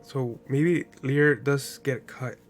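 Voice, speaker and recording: Male streamer, mid-pitched, slightly nasal from allergies, chatty and filler-heavy, soft background music. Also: fairly even intonation, slow. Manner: chatty, thinking aloud, frequent fillers and rhetorical "right?". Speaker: streamer building a card game deck. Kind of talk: casual gameplay commentary.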